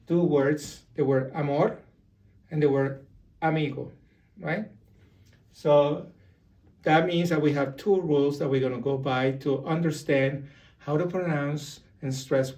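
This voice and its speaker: Brief: male teacher, higher-pitched voice, patient and explanatory, slightly off-mic at a whiteboard. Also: a little mellow, distant mic. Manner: slow, explanatory, repeats example words. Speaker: Spanish teacher. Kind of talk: beginner language lesson. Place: room with a whiteboard.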